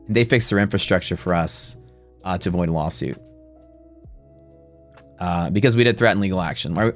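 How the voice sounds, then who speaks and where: A man's voice: on the low side, fairly bright tone. A middle-aged man hosting a live day-trading stream, telling a story in a blunt, profane, rambling way with many restarts.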